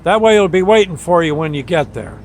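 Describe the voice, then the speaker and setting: A man's voice: on the high side, animated, fairly quick, a little mellow, a little hiss or hum, close to an everyday voice. A man voicing a chatty, friendly male dispatcher who eagerly treats his crew to ice cream and fumbles his words. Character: chatty folksy male dispatcher, middle-aged.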